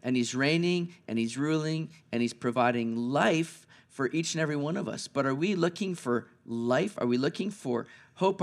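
A man delivering an Easter sermon in a notably high voice. He shifts between quiet, drawn-out reflection and loud, pressing questions. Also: creaky. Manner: dramatic swings between hushed and raised voice. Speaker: pastor.

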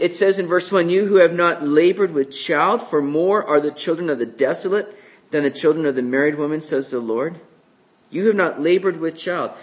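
A man preaching a conversational sermon, who acts out the voices of the people with big jumps in pitch. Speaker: pastor. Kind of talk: expository sermon.

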